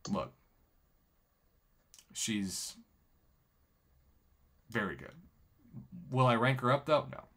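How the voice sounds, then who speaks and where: Excitable male game streamer. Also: medium pitch, drawn-out words, pauses often. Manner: excitable, laughing, reads chat aloud. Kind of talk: casual live-stream gaming chat.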